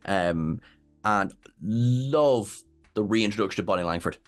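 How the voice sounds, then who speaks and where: A man with an Irish accent co-hosting a casual TV discussion, animated and given to halting restarts. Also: on the low side, soft background music. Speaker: co-host.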